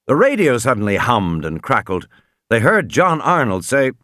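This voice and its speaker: A man reading a novel aloud as an audiobook narrator, dramatic and expressive. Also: medium pitch, moderate pace, no echo, clean studio sound. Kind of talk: scripted narration.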